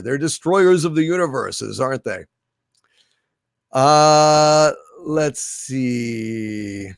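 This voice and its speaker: Slow, theatrical male stream host. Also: medium pitch, gravelly, no echo, clean studio sound. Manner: theatrical, hailing viewers grandly. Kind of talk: reading viewer chat messages on a live stream.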